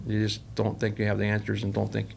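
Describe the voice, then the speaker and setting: A man's voice: fairly low pitch, completely flat delivery, fast, gravelly, slight background noise. A man, a company president, telling workplace stories in a rambling, casual interview style and acting out the quoted dialogue. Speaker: company president, podcast guest.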